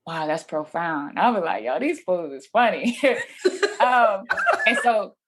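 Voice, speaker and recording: On a podcast, a female guest tells her story in a mid-range voice that swings widely in pitch, moving a little slowly with a breathy edge. Her delivery is casual and animated, full of slang and acted-out dialogue.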